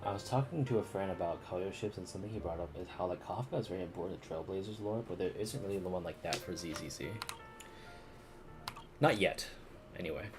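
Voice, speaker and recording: A man's voice: low voice, fast talker, over music. A man streaming a video game, joking crudely as he comments on the story. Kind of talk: gameplay commentary.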